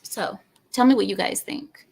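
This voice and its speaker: A woman's voice: mid-range voice, moderate pace, creaky, husky. A woman from outside America hosting a channel, ranting in casual commentary and speaking straight to her viewers. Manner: animated, ranting, asides to viewers. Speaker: channel host.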